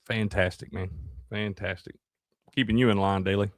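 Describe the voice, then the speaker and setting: A man's voice: on the low side, fairly even intonation, normal speed, no room sound, clean studio sound. A man co-hosting a sports show, joking around and chiming in with agreement. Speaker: co-host. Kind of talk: casual sports show chat.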